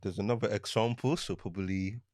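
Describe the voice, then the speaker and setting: Young male co-host, deep voice, calm hesitant delivery, dry sound. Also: fairly quick, no room sound. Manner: calm, hesitant anecdote telling. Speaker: podcast co-host. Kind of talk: casual podcast conversation.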